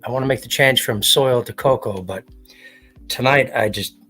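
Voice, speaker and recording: A man hosting a livestream in loose, rambling chat, swearing freely and putting on little voices for the people he quotes. His voice sits at an ordinary pitch, with faint music playing in the background. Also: moderate pace, bright, forceful tone, husky. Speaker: livestream host. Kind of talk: casual chat.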